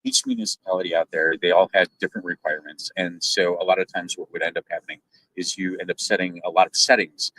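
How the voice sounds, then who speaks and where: A man, a guest on a livestream interview, explaining things haltingly with many fillers. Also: low voice, steady tone, a bit bright, poor audio.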